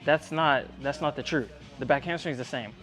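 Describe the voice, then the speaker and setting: A man's voice: medium pitch, fairly quick, fairly bright tone, soft background music. Earnest man coaching a young tumbler. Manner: direct, earnest, repeatedly asking the athlete if she believes him. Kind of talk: one-on-one coaching talk. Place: gym.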